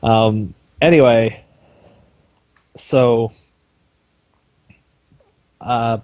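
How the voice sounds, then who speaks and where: A man's voice: mid-range voice, fairly even intonation, drawn-out words, a little mellow. A young man co-hosting a podcast, telling a long story in a casual, rambling way with lots of fillers and the odd swear word. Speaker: podcast co-host. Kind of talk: casual chat. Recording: dull lo-fi sound with faint noise.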